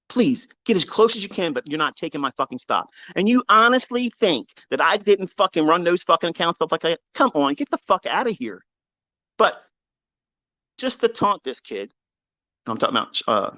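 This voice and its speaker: A middle-aged man giving a heated, profane monologue on a live audio chat, combative and defiant, his voice dropping low and then bursting out loud. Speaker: trading educator.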